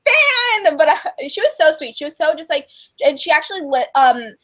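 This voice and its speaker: Young woman co-host with a high voice, chatty and gushing, full of fillers. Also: fairly quick. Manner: gushing and chatty, many fillers, laughs often. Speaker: co-host of a book and TV chat livestream. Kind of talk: casual chat.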